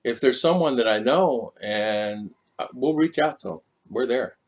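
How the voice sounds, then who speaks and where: A man hosting a casual live stream, chatting with viewers and greeting them by name. He is animated and chuckles often. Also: mid-range voice, measured pace. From United States.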